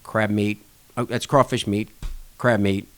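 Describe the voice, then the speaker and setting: A man guest on a podcast, casually telling a long anecdote and acting out conversations with a rising and falling voice. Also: measured pace. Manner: animated anecdote-telling, acting out dialogue with shifting pitch. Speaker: podcast guest, restaurant association chair. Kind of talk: casual storytelling interview.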